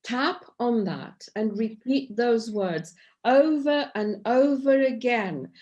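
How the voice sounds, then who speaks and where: A woman's voice: a little high, slow. Workshop leader: middle-aged woman on a video call, encouraging, asks "okay?" a lot. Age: middle-aged or older. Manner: warm and encouraging, with frequent "okay?" checks. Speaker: EFT tapping workshop leader.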